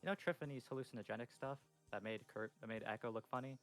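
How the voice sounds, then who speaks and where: A cool-headed teen chemist boy, as a man plays him, dry and matter-of-fact. His voice sits at an ordinary middle pitch, with faint music in the background. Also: quick pace, a bit bright, no room sound, close to an everyday voice. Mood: calm. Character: calm teen boy chemist with fear gas.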